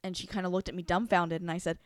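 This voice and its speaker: A woman's voice: on the low side, little pitch movement, fast talker, smooth, dry recording, clean studio sound. A woman co-hosting a casual talk show, retelling a personal story candidly and animatedly, swearing freely. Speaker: podcast co-host.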